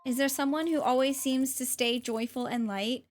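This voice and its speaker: A woman's voice: high-pitched, fairly even intonation, moderate pace, faint music behind. A woman streamer and tarot reader chatting casually on a livestream, reading chat aloud and thanking viewers in a bubbly way, at times trying a playful English accent. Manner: jokingly puts on an English accent.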